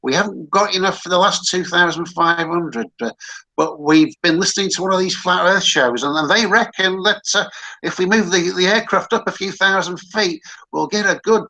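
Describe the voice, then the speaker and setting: Man doing an Australian airline pilot, breezy, jokey intercom patter, raised bright voice. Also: sits high, normal speed, pitched above the performer's own voice, exaggerated voice, rough recording. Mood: mock-reassuring. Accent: Australian (put on). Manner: jokey, deadpan announcement patter.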